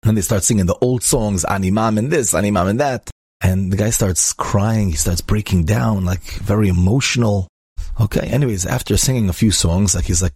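Rabbi storyteller, male, deep husky voice, dry close sound, acts out the characters' lines. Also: fairly quick, a little mellow, no room sound. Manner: peppers speech with Hebrew and Yiddish words. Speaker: rabbi and inspirational speaker. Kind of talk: storytelling talk.

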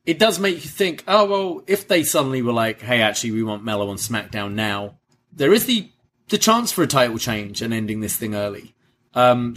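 A man co-hosting a podcast, chatting casually and thinking aloud in a relaxed, easygoing way. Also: a little high. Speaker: podcast co-host. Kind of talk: casual review chat.

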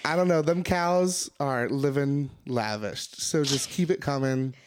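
A young man co-hosting a podcast, telling animated stories with acted-out quotes, laughing often and swearing casually. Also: medium pitch, unhurried, a little hiss or hum. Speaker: podcast co-host. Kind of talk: casual chat.

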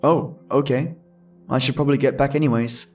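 A man voicing a curious, friendly young child in a spooky story, eager and bright in manner. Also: medium pitch, fairly even intonation, brisk, recorded from a distance, faint music behind, close to an everyday voice.

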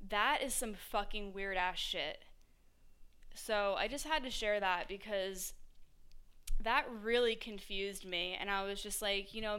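A woman's voice: mid-range voice, pushed and bright, clear, resonant tone. A young woman hosting a podcast, telling a story in a casual monologue, swearing freely and acting out both sides of the conversation. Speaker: podcast host.

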